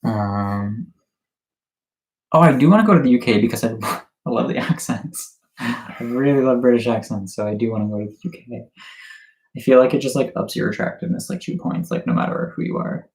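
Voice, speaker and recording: Chatty young man with a gravelly voice. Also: mid-range voice, brisk, darkish tone, roomy sound, low-quality recording. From Canada. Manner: chatty, laughs often, lots of fillers. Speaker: YouTuber hosting a livestream. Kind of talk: casual livestream Q&A chat.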